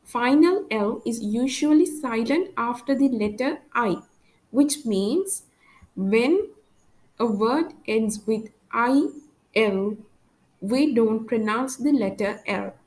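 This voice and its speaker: A woman's voice: on the high side, lively intonation, slow pace, darkish tone, poor audio. A woman teaching a language lesson, saying example words carefully and then explaining them in English.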